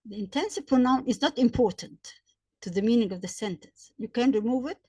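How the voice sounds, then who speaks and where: A woman gives a grammar lesson with a fairly high voice. She works through example sentences slowly and repeats each point, and her voice sounds dry and close, with little room around it. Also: lively intonation, mellow, husky, dry recording. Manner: slow, repetitive explaining with examples. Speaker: English grammar teacher.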